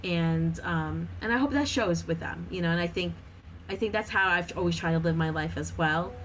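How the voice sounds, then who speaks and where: A woman's voice: lowish voice, moderate pace, a little hiss or hum, low-quality recording. A woman in her thirties, a podcast guest chatting casually with lots of fillers and frequent laughter.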